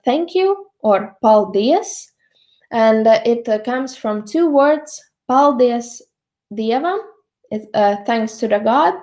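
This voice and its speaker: A woman's voice: fairly high pitch, darkish tone. A young woman with a Latvian accent giving a slide lecture, with frequent ums and uhs. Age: young adult. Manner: many ums and uhs, measured.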